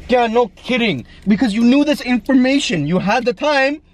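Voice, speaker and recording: A man's voice: very high-pitched, expressive, moderate pace. Flustered young man freaking out. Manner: flustered, pleading, panicky. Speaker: boyfriend being pranked. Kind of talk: casual conversation. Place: inside a parked car.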